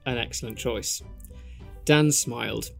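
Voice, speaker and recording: Podcast guy reading fan fiction out loud, playful and punny, faint music behind. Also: mid-range voice, measured pace, creaky. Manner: playful, chuckling at his own puns. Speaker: podcast co-host.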